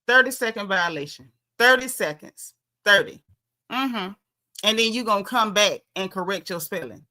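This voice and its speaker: A woman's voice: mid-range voice, normal speed, sharp tone. A woman with a Southern US accent hosting a casual livestream, talking bluntly and sassily while reading out viewer comments. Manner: sassy, blunt, chatty with dialect. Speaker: livestream host.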